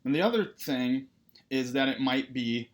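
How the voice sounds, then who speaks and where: Therapist lecturing counseling students, medium-pitched male voice, relaxed and conversational, peppers his talk with "right?". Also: measured pace. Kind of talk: recorded lecture.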